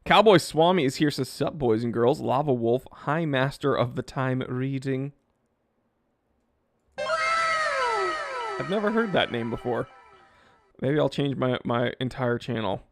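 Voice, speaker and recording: A man hosting a casual live stream, reading viewer comments aloud and joking about himself in a lively, self-deprecating way. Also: medium pitch, normal speed, hardly any pauses. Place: home studio in California. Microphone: wearing headphones, close mic.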